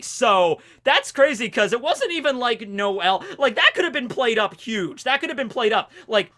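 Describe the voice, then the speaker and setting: A young man hosting a video, casually recapping a manga chapter in an animated, rambling way. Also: very high-pitched, moderate pace, hardly any pauses. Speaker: video host reviewing a manga. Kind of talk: casual chat.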